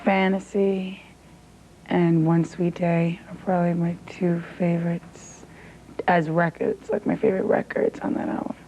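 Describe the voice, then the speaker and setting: A woman in a casual interview, speaking in a low, gravelly voice, tired from little sleep and talking in a relaxed, offhand way. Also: measured pace, a little hiss or hum. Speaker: singer being interviewed. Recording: dull lo-fi 1990s TV interview audio.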